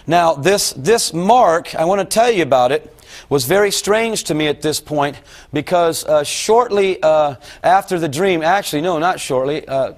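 A middle-aged man preaching to a gathered audience, his voice sitting fairly high for a man. He tells his story in a folksy, rambling way and keeps turning to the listeners with questions. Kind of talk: sermon recounting a dream.

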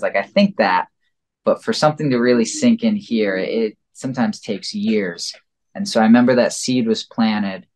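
In a relaxed interview, this podcast guest talks in a low voice, wandering and reflective as he goes. His speech is packed with "like" and "you know."

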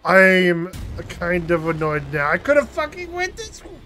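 A man commenting on his own horror game playthrough, exasperated and swearing often as he yells at the game. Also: sits high, wildly swooping pitch, moderate pace, faint music behind. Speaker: gameplay commentator. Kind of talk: let's play commentary.

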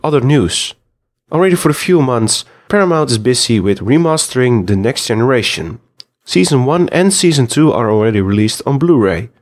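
A man hosting a podcast and reading a news segment in an even, read-aloud way. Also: on the low side. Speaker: podcast host.

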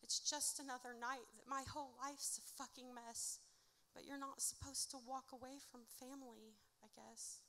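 Woman, live spoken-word rap, theatre stage mic, blunt profane rhymes, higher voice, sharp tone. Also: fairly even intonation, normal speed, few pauses. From Indiana, United States. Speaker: performing artist.

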